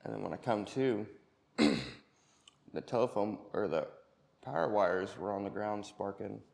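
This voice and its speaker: A man with a gravelly, low-set voice recounts his own story in a plain, halting way, full of ums and restarts. He speaks, as a personal testimony. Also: animated, darkish tone. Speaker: employee sharing personal story.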